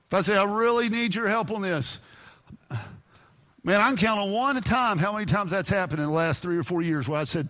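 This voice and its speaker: A man preaching a sermon as pastor, emphatic, with sudden loud peaks and quieter, earnest stretches. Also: high voice, quick pace. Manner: emphatic preaching, rising to near shouts then dropping to quiet earnest talk.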